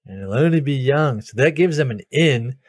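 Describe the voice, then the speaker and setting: A man co-hosting a podcast in casual chat, laying out a theory step by step in a measured way. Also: medium pitch, lively intonation, no echo, studio quality. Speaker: podcast co-host.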